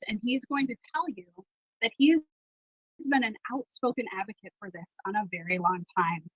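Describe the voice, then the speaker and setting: A woman with a bright, fairly high voice delivers a prepared rally speech with assurance and conviction. The sound is close and dry. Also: no echo, dull audio. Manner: warm, assured and rousing, with faith references. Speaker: speaker at a political rally.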